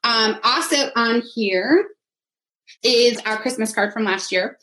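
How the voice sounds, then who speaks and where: A woman in her thirties speaks in a relaxed, chatty how-to style, moving item by item as a coach would. Her voice sits a little on the high side and stays upbeat throughout. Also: slow pace, low-quality recording. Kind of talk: casual how-to talk showing a vision board.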